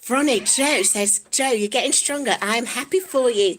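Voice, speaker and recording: A woman's voice: sits high, lively intonation, normal speed, hardly any pauses, noisy background. A chatty, giggly woman with an East Midlands accent, talking casually to viewers and reading out their comments. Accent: East Midlands English. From Nottingham, England. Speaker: vlogger. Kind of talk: casual livestream chat.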